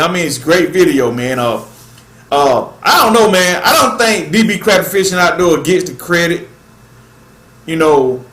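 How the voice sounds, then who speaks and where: A man with a high voice hosts a live stream in a loose, slangy way and keeps tossing in "man." He sounds like he is in a roomy, echoey space. He reads the chat as he talks. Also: fairly bright tone. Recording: echoey room.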